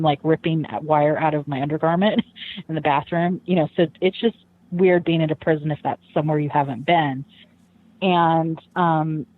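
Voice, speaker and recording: A woman guest, recounting a personal story in an interview, earnest and reflective, with frequent "you know" fillers. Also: low voice. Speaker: guest, daughter of a convicted killer. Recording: tinny phone-like line.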